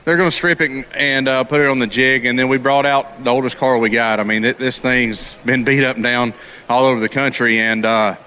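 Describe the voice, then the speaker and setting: A man talking at the track just after winning a race, a little out of breath, halting and restarting often. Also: medium pitch, fairly even intonation, sharp tone, a little hiss or hum. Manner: halting, many restarts and thank-yous. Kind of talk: post-race victory interview. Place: outdoor racetrack.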